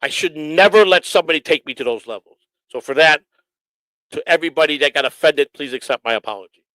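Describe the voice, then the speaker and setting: A middle-aged man hosts his own livestream. He rants at critics in a combative, profane way. His voice sits a little high for a man and is recorded close and dry, with no room sound. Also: expressive, fast talker, pushed and bright, no room sound, poor audio. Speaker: livestream host. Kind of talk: angry livestream rant.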